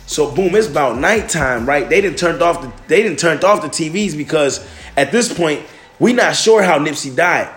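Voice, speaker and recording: A man's voice: on the high side, expressive, normal speed, a bit bright. A man hosting a solo podcast, talking loosely with lots of restarts and fillers. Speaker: podcast host. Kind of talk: casual solo podcast monologue. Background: faint music.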